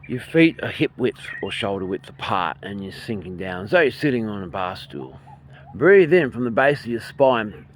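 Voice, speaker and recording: An Australian man leading a qigong and breathing lesson outdoors by a bay, filming on a handheld phone, calm and soft-spoken, his voice sometimes trailing off quietly. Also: mid-range voice, a little hiss or hum. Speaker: qigong and meditation instructor. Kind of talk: guided breathing instruction. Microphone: handheld phone, filming himself.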